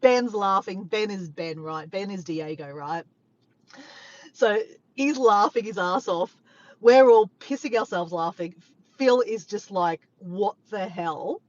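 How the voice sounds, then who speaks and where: A woman vlogger telling a funny story to her viewers, animated and laughing, swearing freely. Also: mid-range voice, unhurried, highs cut off. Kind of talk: casual storytelling to camera.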